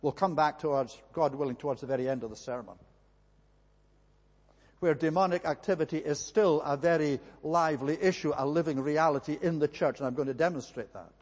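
A man's voice: on the high side, brisk. Earnest male preacher in a reverberant hall. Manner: earnest preaching with emphatic repetition. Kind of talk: sermon.

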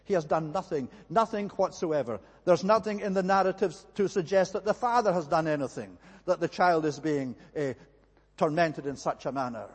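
A man preaching with earnest, emphatic repetition, his voice sitting a little high. His words ring out with a long reverb, like a church hall. He delivers a sermon to a congregation. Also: normal speed, husky.

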